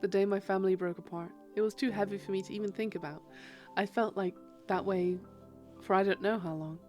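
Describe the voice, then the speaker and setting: A woman voicing a gentle, earnest young man in love, reading a visual novel aloud in a soft, emotional way. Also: medium pitch, steady tone, fairly quick, soft background music, natural voice. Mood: earnest, tender.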